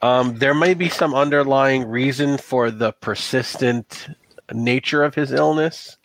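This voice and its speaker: A man narrating a tabletop role-playing game as game master, talking in a halting way with many restarts and fillers. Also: medium pitch, a bit bright, slight background noise.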